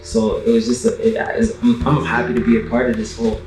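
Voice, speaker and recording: A man's voice: mid-range voice, little pitch movement, fast talker, a little mellow. A man talking casually and hesitantly as a guest in a group chat. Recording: echoey room from a distant mic, faint music.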